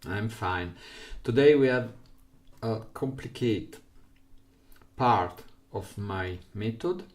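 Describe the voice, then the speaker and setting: Italian-accented man teaching music, unhurried, patient, step by step. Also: fairly low pitch, darkish tone. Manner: patient, explains step by step in simple non-native English. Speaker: recorder teacher. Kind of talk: music lesson.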